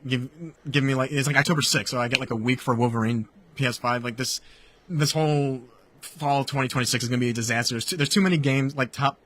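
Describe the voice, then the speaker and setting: A man talks quickly and casually on a gaming livestream, weighing his opinions with plenty of filler words. His voice is bright and forceful and sits at an ordinary pitch. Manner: loose, filler-heavy musing. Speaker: gaming podcast co-host.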